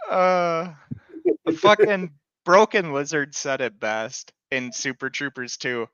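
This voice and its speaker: A man's voice: a little high, steady tone, slow pace, fairly bright tone, smooth, no room sound. A man in his twenties co-hosting a podcast, telling profane, sardonic stories. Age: 20s. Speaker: podcast co-host. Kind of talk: casual comedic banter. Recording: dull lo-fi dry mic.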